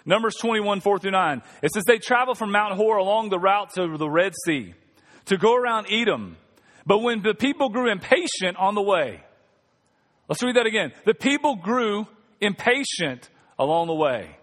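A man's voice: high voice, moderate pace. A man preaching a sermon as pastor, reading scripture and joking with the congregation. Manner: joking, animated preaching with audience asides. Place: church sanctuary. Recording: long reverb of a church hall.

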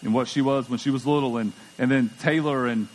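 A man's voice: medium pitch, steady tone, a little fast. A middle-aged man preaching a sermon as pastor, conversational and emphatic, often repeating words as he goes. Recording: long church hall reverb.

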